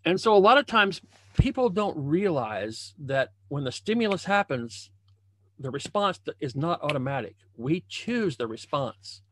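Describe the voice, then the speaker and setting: A man's voice: fairly high pitch, sing-song, normal speed, fairly bright tone, no room sound. A man, a leadership coach, giving a motivational talk over a video call. He speaks conversationally from a home room, repeating phrases and restarting often. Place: home room with a banner hung as backdrop.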